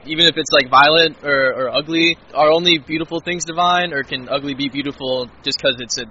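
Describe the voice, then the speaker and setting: Hesitant, bright-voiced male interviewer. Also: a little high, a little fast, highs cut off. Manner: hesitant, many "uh" fillers. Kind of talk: casual outdoor interview. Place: outdoors.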